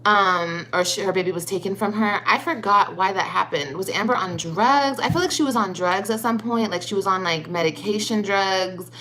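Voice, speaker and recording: Mocking, bright-voiced woman on a livestream. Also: medium pitch, moderate pace, hardly any pauses, rough recording. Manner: mocking, profane, swings into fake crying. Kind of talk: livestream rant.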